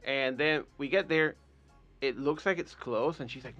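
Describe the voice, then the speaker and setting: A man from Puerto Rico, a podcast guest, telling a wild story in a casual, profane, animated way. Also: a little high, a little fast, highs cut off.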